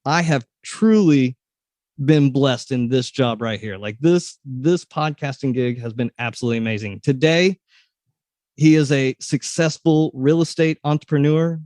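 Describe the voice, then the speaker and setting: A man's voice: mid-range voice, measured pace, a little mellow, no echo, studio quality. A man hosting a podcast interview, friendly and rambling, often restarting his sentences. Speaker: podcast host. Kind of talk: casual interview with scripted intro.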